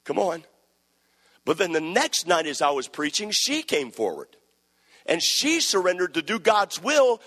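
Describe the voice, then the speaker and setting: A man preaching a sermon, telling stories and building from quiet narration to loud exhortation. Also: huge pitch swings, normal speed. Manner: builds from low conversational storytelling to shouted exhortation. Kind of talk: sermon with storytelling. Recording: long hall reverb.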